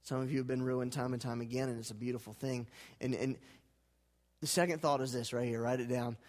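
A man preaching a sermon as pastor, dramatic, swinging from hushed lines to loud, fervent ones. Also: medium pitch, steady tone, a little fast. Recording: hall reverb.

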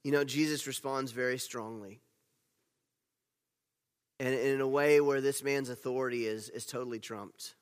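A man preaching a sermon as pastor, telling the story with animated swings between loud emphasis and hushed asides. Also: medium pitch, normal speed, pauses often, clear, resonant tone. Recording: long reverb of a large hall.

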